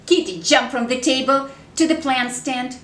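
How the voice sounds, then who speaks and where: A woman reading a picture book aloud to children in animated, sing-song storytelling, stopping to ask her listeners questions. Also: sits high, normal speed, far from the mic. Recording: echoey room with faint background noise.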